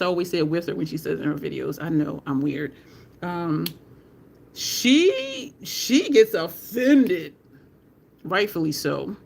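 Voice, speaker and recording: Chatty woman with a gravelly voice. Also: fairly low pitch, a little hiss or hum. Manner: chatty, laughs often, greets viewers by name. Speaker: makeup livestream host. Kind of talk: casual livestream chat while doing makeup.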